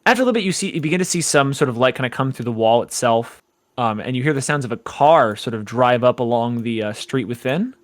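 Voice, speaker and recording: A man's voice: mid-range voice, animated, fast, no room sound. A man narrating a tabletop horror game as game master, laid-back and full of hesitations.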